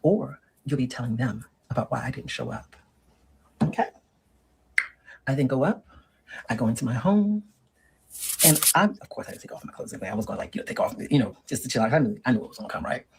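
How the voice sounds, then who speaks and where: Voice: medium pitch, lively intonation, quick pace, long pauses, background noise, natural voice. A performer playing a sassy middle-aged woman who lectures on dating in a comedic monologue and keeps calling the listener girl and honey. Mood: sassy lecturing. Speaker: relationship advice monologue.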